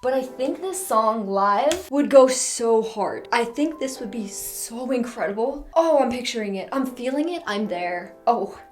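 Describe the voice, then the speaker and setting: A woman hosting her own channel, chatting excitedly and rambling as she ranks songs, often gushing and squealing. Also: a little high. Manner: gushing, rambling, quick mood swings into squeals. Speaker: reaction channel host. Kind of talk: excited casual chat ranking songs.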